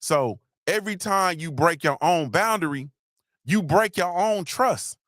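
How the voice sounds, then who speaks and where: A man's voice: animated, a little slow, no room sound, clean studio sound. A middle-aged man hosting a live motivational talk, repeating himself and growing emotional. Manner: repetitive, preachy, shouts out viewers; gets emotional, voice drops low.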